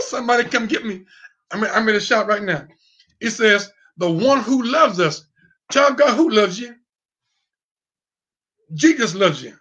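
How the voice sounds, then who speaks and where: A man's voice: high-pitched, animated, moderate pace, long pauses, fairly bright tone, muffled recording. A man preaching an online sermon, fiery, with call and response and sudden whoops. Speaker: pastor.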